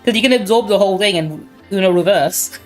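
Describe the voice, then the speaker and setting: A woman's voice: medium pitch, fairly quick, faint music behind. A woman hosting a casual gaming stream, joking and steering through a tier list.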